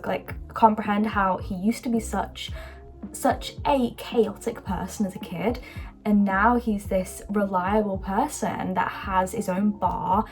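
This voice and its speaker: A young woman chatting casually and gushing about a book she is reading, with lots of fillers. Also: mid-range voice. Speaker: book vlogger. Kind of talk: casual book review vlog. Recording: soft background music.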